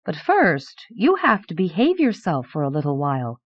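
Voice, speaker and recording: A woman's voice: on the low side, huge pitch swings, normal speed, no room sound. A woman voicing a bossy young princess who lectures firmly, on a dull, dry old cassette recording. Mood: stern. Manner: firm and lecturing. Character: bossy young princess, older sister type.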